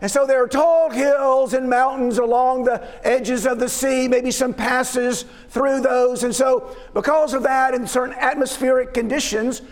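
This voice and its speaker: A man's voice: extremely high pitch, fairly even intonation, unhurried, hardly any pauses. A man preaching a sermon as pastor, in a conversational, folksy way with chuckling asides. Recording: long hall reverb.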